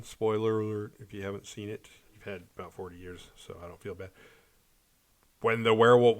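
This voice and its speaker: A man casually retelling a horror movie plot in a rambling, animated way, slipping into mock voices for the characters. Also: fairly low pitch. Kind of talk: casual comedic movie recap. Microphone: condenser microphone.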